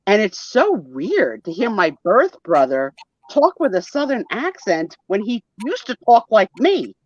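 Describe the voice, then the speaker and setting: A woman hosting a live sale and chat, teasing her guests in playful, animated banter over a video call. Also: medium pitch, a little slow, dry recording, highs cut off. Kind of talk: casual live-stream chat.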